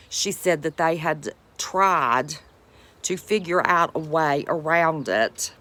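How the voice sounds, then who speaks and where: A homestead vlogger with a deep, fairly bright voice greets her live chat in casual, folksy conversation. She has an Appalachian accent, comes from West Virginia, and calls viewers sweetheart and buddy.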